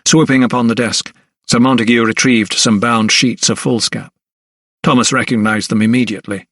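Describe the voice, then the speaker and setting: A male narrator reads a historical mystery in a measured, even manner. His voice sits in a middle register and is recorded dry and close on a studio mic. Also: mid-range voice, dry recording. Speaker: audiobook narrator. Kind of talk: scripted narration.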